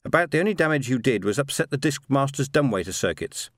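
A man's voice: medium pitch, lively intonation, fast talker, no echo, studio quality, pitched above the performer's own voice, lightly acted. A man voicing a brusque, powerful machine intelligence that speaks through robots, reading a story.

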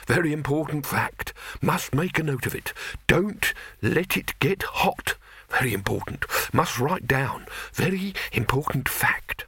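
A man's voice: fairly high pitch, animated, measured pace, a bit bright, breathy edge, no echo, pitched above the performer's own voice, full character voice. A man voicing a soot-blackened male alchemist who sounds half-concussed, perplexed and rambling, repeating himself. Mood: muttering.

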